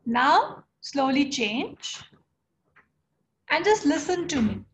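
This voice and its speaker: A young woman with an Indian English accent leading a chair yoga class, encouraging students by name with slow, steady cues. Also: high voice, reverberant. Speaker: yoga instructor.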